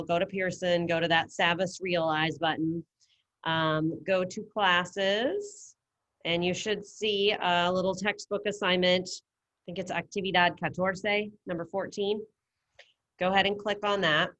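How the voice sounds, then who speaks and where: Low-voiced woman teaching class online. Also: a bit bright. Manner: casual, encouraging, talks students through steps. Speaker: Spanish teacher.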